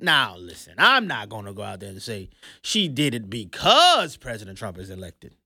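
A man hosting an opinionated commentary show, emphatic and sarcastic, swinging between loud and hushed. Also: on the low side, wildly swooping pitch, moderate pace, gravelly, dry recording, clean studio sound.

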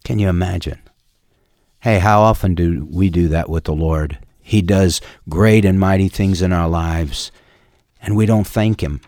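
A man hosting a Christian call-in radio show, telling a story earnestly with emphatic pauses and preaching. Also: sits low, a little mellow, no room sound, clean studio sound. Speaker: radio host.

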